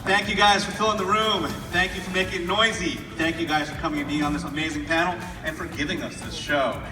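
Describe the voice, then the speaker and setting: Higher-voiced male panel moderator in an echoey hall. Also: quick pace. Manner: energetic, loud introductions. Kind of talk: hosting a convention panel. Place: large convention hall. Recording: roomy hall, far from mic, crowd and music.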